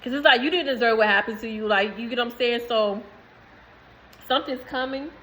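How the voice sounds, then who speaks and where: A woman's voice: on the high side, a little fast, fairly bright tone, rough recording. A woman in giving a rambling, emphatic spiritual message to viewers, swearing freely. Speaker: spiritual reader.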